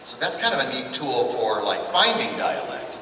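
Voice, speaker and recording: A man's voice: medium pitch, very animated, normal speed, bright, forceful tone, slight background noise. A middle-aged man, a voice actor, chatting animatedly and laughing often as he answers questions at a convention panel. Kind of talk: casual convention Q&A. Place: large convention hall. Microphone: far camera in audience. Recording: echoey hall, from far off.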